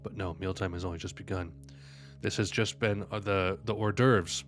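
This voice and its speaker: A man's voice: deep voice, fairly even intonation, soft background music. A man streaming live, reading manga panels aloud and reacting between lines, sleepy and yawning. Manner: reads every character's lines aloud between quick reactions.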